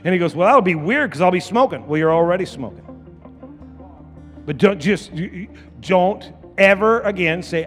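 A man preaching a sermon as pastor, repeating phrases and building to loud shouts. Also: sits high, brisk, big-room sound, faint music behind. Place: church.

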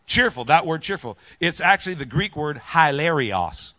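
A man preaching with a bright, forceful edge and a voice pitched a little above the usual male range. He tells stories animatedly and keeps calling out to his congregation. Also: normal speed. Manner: animated storytelling with congregation call-outs. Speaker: pastor. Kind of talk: sermon.

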